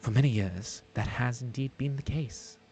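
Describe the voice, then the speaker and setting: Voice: medium pitch, moderate pace, darkish tone, faint music behind, close to an everyday voice. A streamer voicing a grave older woman with a Welsh accent, reading solemn lines with a few stumbles. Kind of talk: live-streamed game voice acting.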